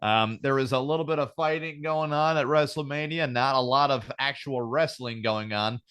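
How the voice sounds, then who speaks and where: A man's voice: mid-range voice, normal speed, fairly bright tone, clean tone. A man hosting a casual podcast chat, ranting with lots of swearing and fillers. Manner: profane, ranting, many fillers. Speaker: podcast host.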